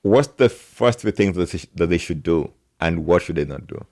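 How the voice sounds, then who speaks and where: A man's voice: deep voice, expressive, moderate pace, darkish tone. A man hosting a podcast, asking a guest questions in casual chat. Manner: short affirming replies, asks questions. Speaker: podcast host.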